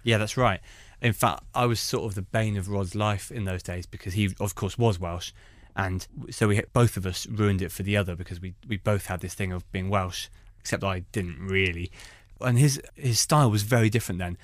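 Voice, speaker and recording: A man, a stand-up comedian, telling anecdotes in an animated way. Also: low-pitched, moderate pace, hardly any pauses, no echo, clean studio sound. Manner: animated storytelling. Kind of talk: conversational anecdotes.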